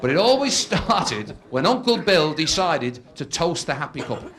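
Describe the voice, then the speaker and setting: A man's voice: on the high side, big pitch swings, moderate pace. A man doing a stand-up comedy routine, telling stories and acting out characters in shifting voices, recorded live before an audience. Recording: live show with loud audience laughter. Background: audience laughing.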